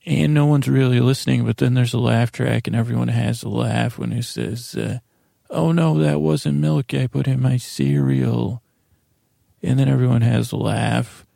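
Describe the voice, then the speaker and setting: A man in his forties hosting a podcast, delivering a meandering, stammering bedtime monologue in a drowsy, deadpan way. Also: mid-range voice, vocal fry, no room sound, studio quality. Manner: meandering, stammering, with many restarts. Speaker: podcast host.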